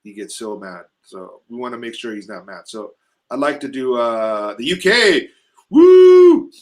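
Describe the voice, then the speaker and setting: A man hosting a casual live stream, rambling through loose, profane shout-outs and sounding a little stuffy from allergies. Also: on the low side, steady tone, normal speed. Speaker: host.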